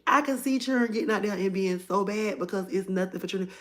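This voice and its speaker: A woman's voice: mid-range voice, quick pace, hardly any pauses, fairly bright tone. A woman chatting casually on a phone livestream, rambling and talking straight to her viewers. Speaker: livestream host.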